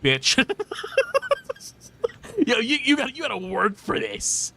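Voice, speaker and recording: A man's voice: extremely high pitch, sing-song, fairly quick, vocal fry, pushed and bright, slight background noise. A man in his thirties streaming casually, reading chat aloud, playful and teasing, laughing often.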